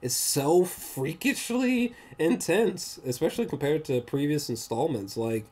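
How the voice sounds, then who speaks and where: Man, casual movie review, rambling and slangy, lively swooping pitch. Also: unhurried, breathy edge. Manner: excitable, rambling, laughs often, slangy.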